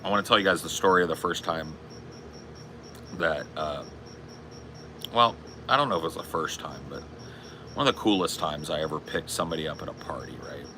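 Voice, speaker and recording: A man's voice: rumbling low, fairly quick, long pauses, pushed and bright, slight background noise. A man in his forties chatting casually on a live stream, rambling and swearing in a bro-ish way. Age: 40s. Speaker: streamer and podcast host.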